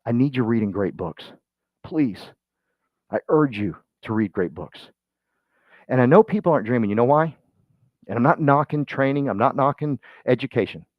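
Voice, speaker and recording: A man giving a motivational real estate training talk, folksy and energetic, swinging from loud bursts to quiet asides. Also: mid-range voice, moderate pace, long pauses, no echo. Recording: dull muffled sound, dry.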